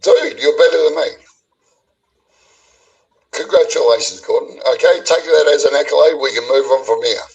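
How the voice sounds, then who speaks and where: An Australian man with a somewhat raised pitch, ranting and cursing heatedly through a live stream call. His voice sounds slightly distant from the mic, rising sharply when he gets worked up. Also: normal speed, pauses often. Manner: angry, profane, ranting. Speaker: stream guest. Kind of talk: heated casual chat.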